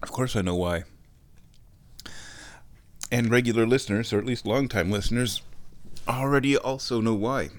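Walking from room to room in his house, a congested man hosts his podcast in a loose, joking, meandering monologue. He speaks at a moderate pace with long pauses in a mid-range voice, and a little hiss or hum can be heard.

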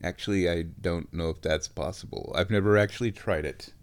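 Man podcast host with a stuffy nose, low-pitched, playful and chatty, casual rambling solo talk at home. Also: fairly even intonation, fairly quick. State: stuffed-up sinuses. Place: at home, walking between rooms.

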